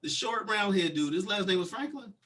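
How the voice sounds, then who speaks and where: A young man with a high, bright and husky voice tells stories on a casual podcast. He gets animated and acts out the people he quotes, loud and lively. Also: fairly quick. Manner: animated storyteller who acts out quotes loudly. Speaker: podcast co-host. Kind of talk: casual chat, storytelling.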